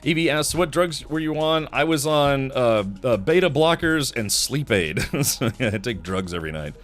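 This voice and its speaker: A man's voice: mid-range voice, expressive, moderate pace, a bit bright, soft background music. A man hosting a live stream in casual chat, tired, rambling through stories and making mouth sound effects.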